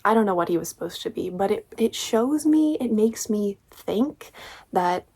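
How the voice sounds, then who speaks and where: A woman's voice: mid-range voice, animated, moderate pace, a little mellow, slightly rough. A woman giving a casual, sarcastic book review, critiquing with exasperation.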